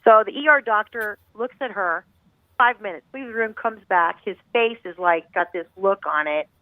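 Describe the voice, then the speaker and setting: A woman's voice: mid-range voice, normal speed, no room sound. Middle-aged mom telling her story over the phone, intense and rambly, dry tinny line. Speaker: guest, bereaved mother. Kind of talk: emotional personal storytelling. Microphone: phone call.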